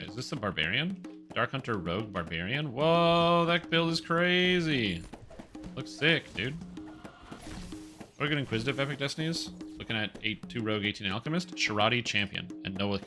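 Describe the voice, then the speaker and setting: A man streaming a game, rambling through casual commentary, getting excitable and swearing casually. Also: medium pitch, moderate pace, music in the background.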